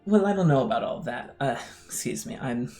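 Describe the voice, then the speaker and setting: A man voicing a pompous male city official in his mid-fifties, talking in a smooth, officious way. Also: mid-range voice, lively intonation, fairly quick, mellow, soft background music, close to an everyday voice.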